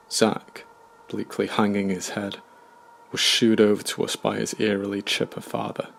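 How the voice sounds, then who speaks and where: A man narrating a scripted horror story in a measured, somber way. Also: lowish voice, little pitch movement, vocal fry, a bit bright.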